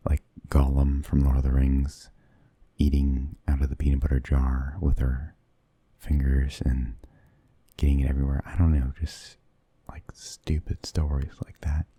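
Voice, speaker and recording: A man telling rambling stories in a soft-spoken ASMR style, hesitant and often slipping into whispers close to the mic. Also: a bass voice, level tone, measured pace, breathy edge, no room sound. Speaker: ASMR creator.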